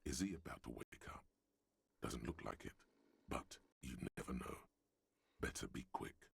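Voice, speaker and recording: The narrator of a video game, speaking in the second person with dry wit. His voice is extremely deep and gravelly, thick with fry. It comes out husky and rough. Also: expressive, moderate pace, full character voice. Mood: wry. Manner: dry, wry, gravelly storyteller.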